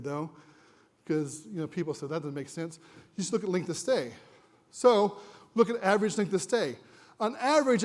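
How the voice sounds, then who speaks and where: A man's voice: high voice, a little mellow. A man presenting at a conference to a live audience, conversational and jokey, quizzing the room, and a little winded.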